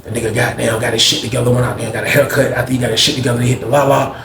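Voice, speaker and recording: Fast-talking slangy male storyteller. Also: medium pitch, background noise. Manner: slangy, animated retelling. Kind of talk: casual storytelling. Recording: echoey room.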